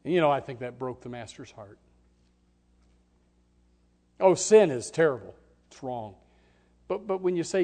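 A male pastor preaching a sermon with dramatic swings from hushed tones to loud outbursts. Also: fairly high pitch, expressive, measured pace, pauses often. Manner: dramatic, swings from hushed to shouting, acts out voices.

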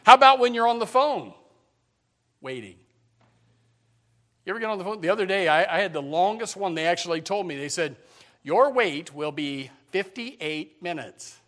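A middle-aged man preaches to his congregation in a high, light voice. He talks in a folksy, rambling way, repeating words and joking. His sermon sounds like a casual chat with the people in front of him. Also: lively intonation, brisk, pauses often, fairly bright tone. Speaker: pastor.

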